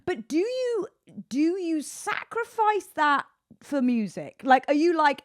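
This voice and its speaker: A woman's voice: high voice, very animated, slow. A woman co-presenting a podcast, bantering in a blunt, playful way. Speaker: podcast correspondent. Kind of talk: casual podcast chat.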